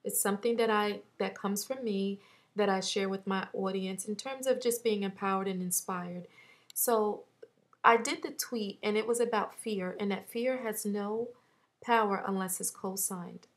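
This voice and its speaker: A woman in her thirties talking through a personal loss in a vlog, halting and heartfelt, close to tears at times. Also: mid-range voice, fairly even intonation. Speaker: vlogger.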